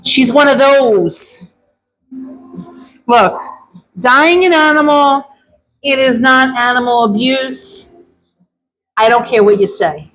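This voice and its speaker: Woman dog groomer, high voice, blunt and opinionated in casual chat. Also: slow, pauses often, fairly bright tone, soft background music, poor audio.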